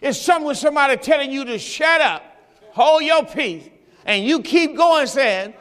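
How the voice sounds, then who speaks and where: A pastor preaching a sermon in a church, urging the congregation on and rising into shouts. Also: male voice, very high-pitched, expressive, measured pace. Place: church sanctuary. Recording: hall reverb in a church.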